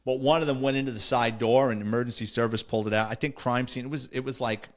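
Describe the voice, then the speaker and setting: A man's voice: medium pitch, fairly even intonation, quick pace. A man, a podcast host and former police officer, telling a war story in a blunt, streetwise, matter-of-fact way. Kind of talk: casual storytelling.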